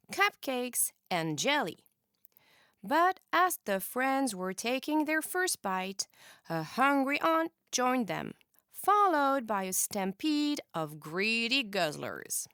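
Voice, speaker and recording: A woman teacher reads a children's picture book aloud, her pitch swinging widely with expressive energy. She reads slowly and clearly in a bright, crisp tone. The recording is close and dry. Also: dry recording. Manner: expressive and animated. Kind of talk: children's storybook read-aloud.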